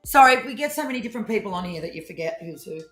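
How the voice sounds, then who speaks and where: Australian woman, live-stream co-host, bright chatty voice, playful teasing tone. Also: medium pitch, animated, rapid-fire, faint music behind. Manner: chatty, teasing, laughs often, Aussie slang. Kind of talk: casual live-stream chat.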